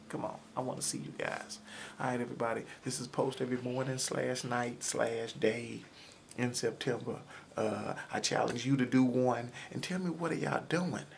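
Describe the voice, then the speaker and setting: A man recording a casual morning vlog into his camera, hoarse and chatty, talking straight to his viewers. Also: mid-range voice, a little hiss or hum. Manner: chatty, loose, addresses viewers directly. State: hoarse, frog in throat. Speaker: vlogger. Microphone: camera mic, close to camera.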